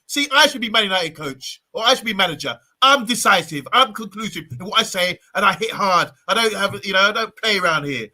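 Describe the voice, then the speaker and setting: A man's voice: high voice, expressive, fairly quick, few pauses, pushed and bright. A man hosting a live fan stream, playfully bossy as he reads out viewer comments. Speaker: host of a live fan show. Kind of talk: casual live-stream chat.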